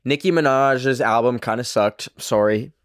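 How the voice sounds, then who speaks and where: Young Canadian man, podcast host, profane rambling monologue, mid pitch. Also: moderate pace, dry recording, studio quality. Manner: rambling, profane, self-deprecating. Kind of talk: casual solo podcast rant.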